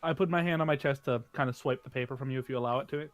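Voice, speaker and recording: A man's voice: mid-range voice, very fast, no echo. A man playing in a tabletop game, animatedly narrating what his character does. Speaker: player.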